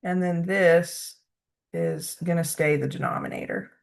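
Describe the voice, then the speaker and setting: A woman's voice: on the low side, level tone, a little slow, gravelly. A woman math instructor patiently talking through problems step by step, checking in with "okay?" as she goes. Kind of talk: recorded math lecture.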